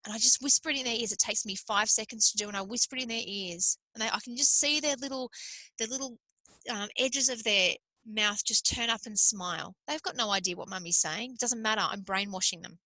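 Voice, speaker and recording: A woman's voice: on the high side, a little fast, sharp tone, no room sound, low-quality recording. A woman hosting a motivational solo podcast, talking earnestly and repeating her points for emphasis, with the odd swear word. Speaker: podcast host.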